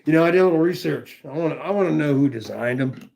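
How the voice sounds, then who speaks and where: Gravelly casual knife-review streamer man. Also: fairly high pitch, fast talker, a little mellow, slight background noise. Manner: rambling, profane, chatty with viewers. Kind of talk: casual livestream chat.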